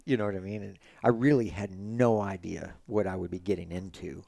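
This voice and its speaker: A middle-aged man speaks in a low, gravelly voice with a lot of fry at the ends of his phrases. He tells racing stories in a loose, easygoing way, often restarting his sentences. It is a casual podcast conversation. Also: a little fast. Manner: relaxed storytelling with frequent restarts. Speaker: guest, retired road racing champion.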